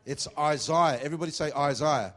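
A man preaching a sermon as pastor, mixing jokey, teasing asides to the congregation with emphatic preaching and slow, deliberate scripture reading. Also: on the high side, a bit bright. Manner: reads scripture slowly and deliberately.

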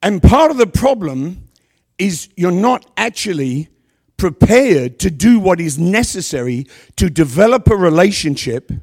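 A middle-aged man preaching a sermon to a congregation on a handheld microphone, with a worn voice, asking rhetorical questions and pausing for effect. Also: sits high, sing-song. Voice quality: voice worn from past yelling. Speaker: pastor.

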